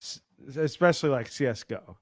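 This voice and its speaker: A man's voice: mid-range voice, lively intonation, brisk, no room sound, clean studio sound. Hesitant man giving gaming opinions. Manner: hesitant, lots of ums and likes. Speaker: podcast co-host. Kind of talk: casual gaming podcast chat.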